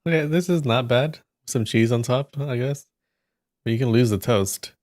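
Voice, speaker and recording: A man's voice: medium pitch, moderate pace, darkish tone, dry recording, studio quality. A man hosting a live stream, chatting casually and with amusement while he tastes snacks. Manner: musing, amused, trailing asides.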